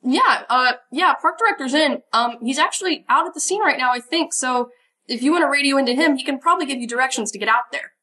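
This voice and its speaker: A woman's voice: high voice, fast, bright, forceful tone, pitched above the performer's own voice. A woman doing an eager, spunky young park worker. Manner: spunky, upbeat, eager to please.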